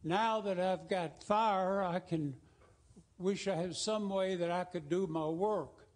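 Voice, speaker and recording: A man's voice: high voice, takes it slowly, a little mellow. A man voicing a chatty caveman inventor. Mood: folksy. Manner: folksy, storytelling.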